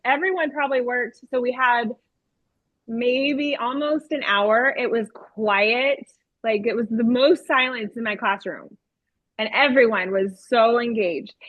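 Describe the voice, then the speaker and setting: A woman teacher chatting about her kindergarten class. She speaks very slowly in a fairly high voice, animated and laughing, and slips into playful put-on voices. The recording is dry and a little dull. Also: no room sound. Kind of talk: casual chat recounting a classroom story.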